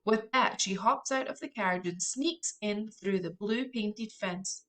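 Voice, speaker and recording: Woman, bright voice, children's book narration, lively, expressive. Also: medium pitch, measured pace. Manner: lively, expressive, soft asides. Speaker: audiobook reader.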